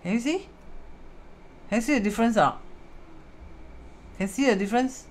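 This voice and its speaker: She has a slightly high, slightly mellow voice at normal speed, with a little hiss or hum. As a feng shui teacher on a casual live stream, she speaks Singaporean English with Hokkien and Mandarin words mixed in, greeting viewers mid-explanation.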